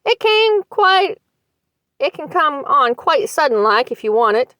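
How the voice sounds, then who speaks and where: Woman doing a sly old country woman, rustic dialect, chuckling, raised lively voice. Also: high-pitched, a little slow, dry recording, clean studio sound, pitched above the performer's own voice, heavily acted. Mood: confiding.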